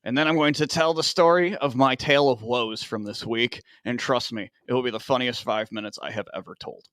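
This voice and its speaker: A man's voice: medium pitch, fairly quick, a bit bright, no room sound. A man from Northern Illinois, in his thirties, co-hosting a podcast with casual, profane, self-mocking jokes. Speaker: podcast co-host.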